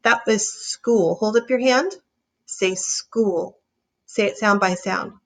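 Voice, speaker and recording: A woman teaching a reading lesson, sounding out words slowly and encouraging young readers. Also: mid-range voice. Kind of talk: slow, clear phonics lesson.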